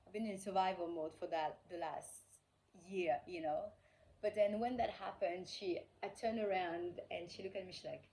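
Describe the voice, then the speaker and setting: A woman's voice: on the low side, moderate pace, darkish tone, a little hiss or hum, low-quality recording. A woman vlogger casually telling a personal story, rambling with lots of fillers and acting out the quoted dialogue. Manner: rambling, heavy on fillers like "like" and "you know".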